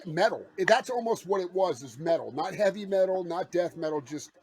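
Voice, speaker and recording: A man's voice: high voice, lively intonation, moderate pace, darkish tone, breathy edge. A man co-hosting a casual podcast, talking in a laid-back, rambling way. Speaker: podcast co-host.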